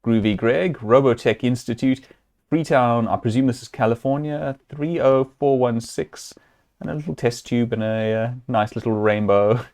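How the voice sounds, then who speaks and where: A man's voice: mid-range voice, steady tone, moderate pace, darkish tone. A man streaming a point-and-click adventure, chatting casually and thinking aloud as he works through puzzles, with amused chuckles. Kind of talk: casual let's-play commentary.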